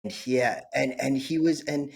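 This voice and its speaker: A man in his thirties with a mid-pitched voice tells an animated story and acts out the people in it. His delivery suits a relaxed podcast chat. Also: a little slow, vocal fry, husky.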